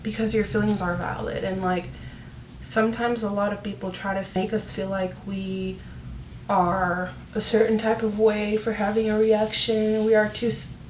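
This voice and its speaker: Woman, casual advice talk, earnest, leisurely, echoey room, off-mic. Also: medium pitch. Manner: earnest, many filler "like"s. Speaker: YouTube talk host. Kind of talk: casual advice talk while doing her hair. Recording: roomy, from a distance, faint noise.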